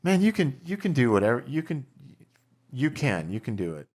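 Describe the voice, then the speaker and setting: Man, middle-aged, filmmaker guest, animated storyteller, swears freely, lively pitch. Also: normal speed. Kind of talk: casual chat over drinks.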